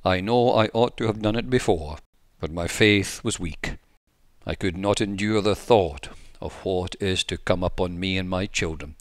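A fearful, tearful wife confesses her wavering faith, as a man reads her lines. The voice stays low and close, with no room sound around it. Her words come out earnest and subdued. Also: moderate pace, no echo, natural voice. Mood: anxious.

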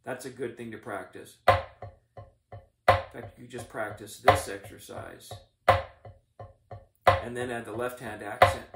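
Drumline instructor in an echoey room. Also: male voice, mid-range voice, steady tone, unhurried, gravelly, long pauses, loud music behind the voice. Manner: methodical, encouraging coaching. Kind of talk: instructional demonstration. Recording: echoey room, mic at a distance.

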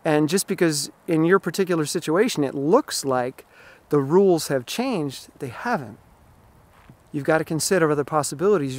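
A man giving an emphatic, explanatory vlog monologue outdoors beside a pond while out running. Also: on the high side. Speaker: running vlogger.

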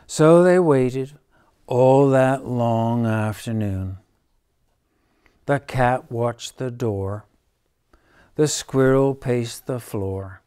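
A man reading a children's picture book aloud, gentle and dramatic. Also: medium pitch, drawn-out words, pauses often, clean tone. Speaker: storyteller.

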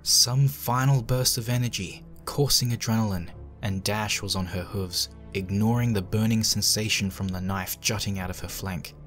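A man reading a horror fanfic aloud with hushed, dread-filled narration. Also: on the low side, normal speed, hardly any pauses, faint music behind. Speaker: fanfic reader.

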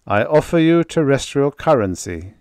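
A man's voice: medium pitch, very animated, moderate pace, darkish tone, clean tone, no echo, studio quality, voice pushed up. A man voicing a pushy male Earthman in an audiobook, pressing his questions urgently.

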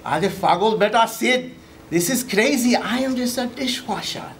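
A man voicing an earnest immigrant dishwasher who tells his story in broken English, sometimes bursting out higher and louder. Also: normal speed, a little hiss or hum. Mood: storytelling.

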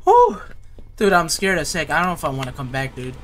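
A man's voice: fairly high pitch, quick pace, bright, forceful tone, a little hiss or hum. A young man giving casual horror game commentary, jittery and slangy, repeating himself often. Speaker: gaming YouTuber.

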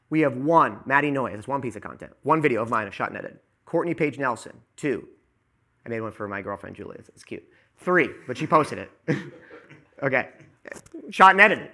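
Bright-voiced man ranting profanely. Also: on the high side. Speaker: podcast guest, videographer. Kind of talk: casual podcast chat.

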